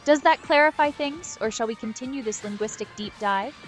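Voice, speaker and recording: A woman's voice: a little high, a little fast, soft background music. A synthetic woman's voice chatting as an AI companion, sarcastic, witty and mock-exasperated. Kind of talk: sarcastic chatbot banter.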